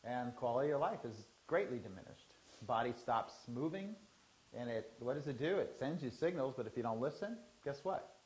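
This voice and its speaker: A man leading a group energy-healing workshop, teaching in a rambling, animated way and acting out inner voices. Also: medium pitch, moderate pace, low-quality recording. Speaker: workshop leader.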